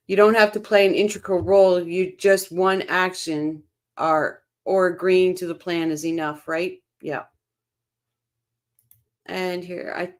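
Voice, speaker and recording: Lady on a true crime stream, lowish voice, reading chat out loud n reacting. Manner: chatty, reads viewer comments aloud and reacts. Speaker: livestream host reading chat.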